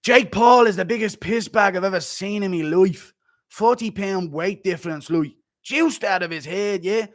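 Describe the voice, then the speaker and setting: A man's voice: high-pitched, normal speed, pitched above the performer's own voice, lightly acted. A man doing a cocky Irish fighter. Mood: taunting. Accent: put-on Irish. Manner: swaggering, taunting, tacks on "yeah?".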